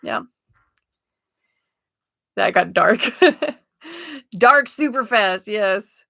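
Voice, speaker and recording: A woman with a mid-range voice speaks extremely slowly, with a creaky, sharp tone. She hosts a spiritual livestream, chatting casually with viewers as she reads oracle cards and laughing often. The recording is dry and studio quality.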